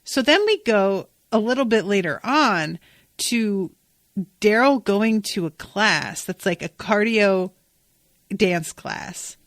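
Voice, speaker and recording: A woman's voice: mid-range voice, expressive, slow, no echo, studio quality. A woman hosting a podcast, recapping an episode in casual, enthusiastic, emphatic chat with some swearing. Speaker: podcast host.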